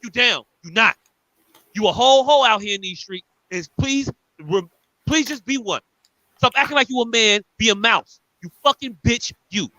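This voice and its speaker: A man's voice: very high-pitched, lively intonation, moderate pace, bright, forceful tone, no echo, low-quality recording. A man co-hosting a podcast, ranting angrily and profanely with lots of repetition. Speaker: podcast co-host. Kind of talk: heated podcast rant.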